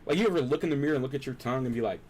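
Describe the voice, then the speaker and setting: A young man talking through a rambling, philosophical chat as a streamer, repeating himself and restarting often, swinging from hushed to loud and excited. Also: medium pitch, racing, slight background noise. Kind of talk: rambling late-night chat.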